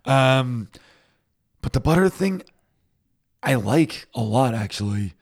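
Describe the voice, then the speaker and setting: A man's voice: medium pitch, animated, takes it slowly. Male podcast co-host, casual rambling chat, easy laughs.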